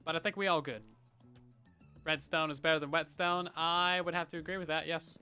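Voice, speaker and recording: A man's voice: a little high, steady tone, brisk, bright, forceful tone, clear, resonant tone, soft background music. A man chatting casually as a game streamer, muttering to himself, humming while he builds and thanking viewers from the chat, on a headset mic. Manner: mutters to himself, hums and reads out chat names.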